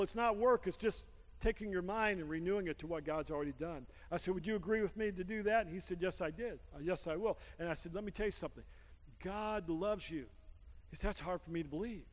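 A male pastor preaching a sermon, telling a story and calling for amens from the congregation. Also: high voice. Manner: storytelling preacher, calls for amens, builds to loud praise. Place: church sanctuary. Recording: long reverb in a church hall with music.

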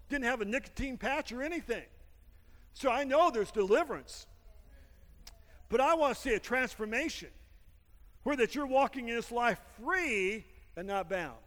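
A male pastor preaching a sermon, telling a story and calling for amens from the congregation. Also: very high voice. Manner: storytelling preacher, calls for amens, builds to loud praise. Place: church sanctuary. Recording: long reverb in a church hall with music.

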